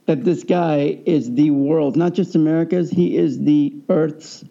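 A man spins a chatty anecdote, lively and acting out the people in it. His voice is gravelly and dark, sitting a bit high for a man, and the recording sounds dull and lo-fi. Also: a little slow. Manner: animated, acts out quoted voices. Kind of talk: casual conversational storytelling.

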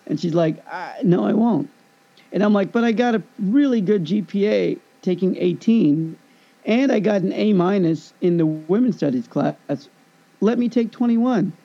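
A man in his fifties in casual chat, telling an animated story and acting out both sides of a conversation. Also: high voice, moderate pace, vocal fry. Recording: dull lo-fi recording.

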